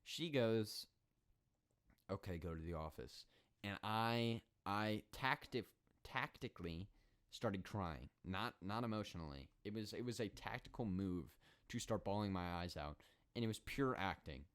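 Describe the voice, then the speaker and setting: A man's voice: lowish voice, measured pace, clear, resonant tone. Rambling twenty-year-old guy. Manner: animated, rambling, sarcastic. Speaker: podcast host. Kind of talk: solo podcast storytelling.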